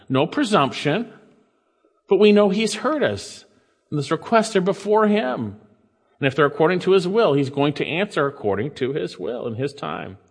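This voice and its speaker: A male preacher with a fairly high voice, reading scripture aloud and then pressing the point in his own words. He swings between raised, emphatic lines and quiet, low asides. His voice carries a long reverb, as in a large hall. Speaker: pastor. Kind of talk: sermon.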